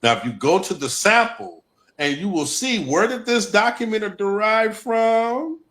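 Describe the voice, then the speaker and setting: Bright, emphatic man lecturing. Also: high voice, expressive, unhurried. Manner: emphatic, repeats key points. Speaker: guest presenter. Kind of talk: livestream talk.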